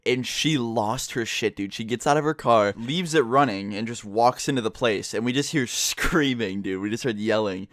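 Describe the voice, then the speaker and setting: Young man telling a story, storytime vlog, profane and laid-back, lots of "like", average pitch, dry recording. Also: moderate pace, hardly any pauses, fairly bright tone, dry recording. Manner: casual, heavy swearing, many "like" fillers. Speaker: vlogger.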